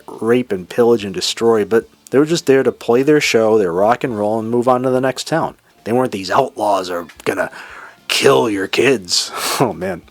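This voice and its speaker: A man with a Boston accent hosting a solo classic rock show, talking with excitement and now and then singing bits of lyrics. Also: mid-range voice, no room sound. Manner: enthusiastic, sings lyrics and imitates singers. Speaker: podcast host. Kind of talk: casual solo music commentary.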